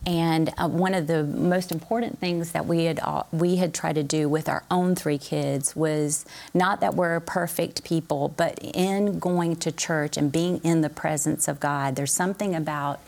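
A middle-aged woman speaks as a podcast guest, earnest and full of faith as she tells her family's story. Her voice sits very low with a gravelly, creaky texture. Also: steady tone, unhurried, hardly any pauses, a little mellow. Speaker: guest, author of a book on blended families. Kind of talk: faith-based podcast interview.

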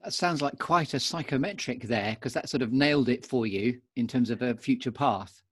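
A man's voice: mid-range voice, normal speed, a bit bright, husky. A man hosting a podcast interview, playful and encouraging, asking questions in a coaching-minded way. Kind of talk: interview conversation.

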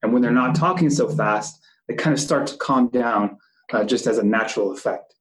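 A man's voice: medium pitch, normal speed. Man teaching in an echoey room. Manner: conversational, with fillers and asides. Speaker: police instructor. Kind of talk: teaching a class.

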